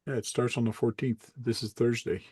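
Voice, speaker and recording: A man hosting a casual livestream chat, relaxed and rambling, often correcting himself as he goes. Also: mid-range voice, moderate pace, slightly rough, no room sound. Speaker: host.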